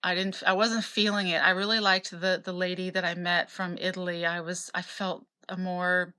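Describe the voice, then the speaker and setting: A woman in her fifties from Utah tells her life story in a loose, candid way. Her voice sits a little low but rings bright and smooth, and she wanders through her memories with fillers and restarts. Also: flat delivery, moderate pace. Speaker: memoir narrator. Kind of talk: casual personal storytelling.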